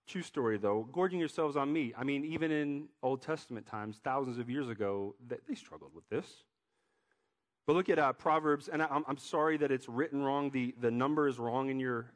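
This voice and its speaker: A man giving a sermon as a pastor, talking in a loose, joking way with many restarts. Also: mid-range voice.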